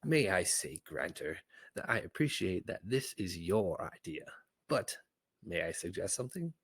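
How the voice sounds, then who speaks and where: A man voicing a sly, scheming old creature advisor with a raspy, fawning way of talking, in a storybook reading. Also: sits low, normal speed, no room sound, exaggerated voice. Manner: wheedling, fawning flattery.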